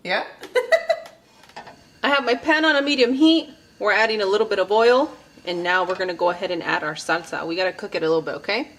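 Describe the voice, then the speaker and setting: A chatty woman walks viewers through a recipe in her home kitchen, giggling now and then. Her pitch is mid-range, and faint sizzling sits under her voice. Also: fast talker, fairly bright tone, slight background noise. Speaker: cooking show host. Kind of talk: casual cooking demonstration. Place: home kitchen with frying food.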